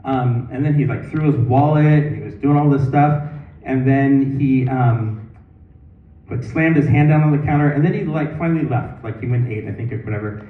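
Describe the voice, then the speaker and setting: This stand-up comic, a man in his fifties with a mid-range voice and normal speed, gives a rambling open-mic performance on a comedy club stage. Fillers and restarts pile up throughout. The audio is distant, roomy and tinny, much like a phone recording.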